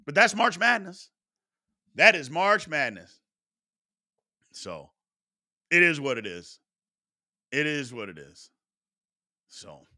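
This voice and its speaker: A man's voice: fairly high pitch, bright, forceful tone. A man from the Louisville area hosting a live sports talk show, answering chat questions and repeating his points for emphasis. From Louisville, Kentucky area.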